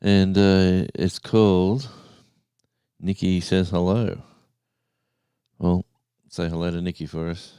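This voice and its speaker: A man in his sixties, hosting a casual live stream, rambling and halting as he reads out the viewers' chat. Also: low voice, flat delivery, dark tone, clear, resonant tone, no room sound. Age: 60s. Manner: rambling, halting, with many restarts and fillers.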